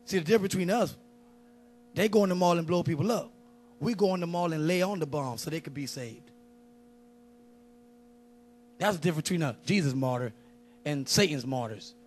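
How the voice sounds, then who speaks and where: High-voiced joking preacher. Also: male voice, brisk, pauses often, slight background noise. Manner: animated, joking, conversational street-style preaching. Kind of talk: lively sermon.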